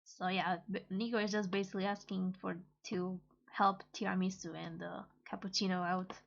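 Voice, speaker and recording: A woman casually reading and translating a comic aloud, halting and hesitant with many pauses and fillers. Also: medium pitch, little pitch movement, vocal fry, dull audio. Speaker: manga reader and translator.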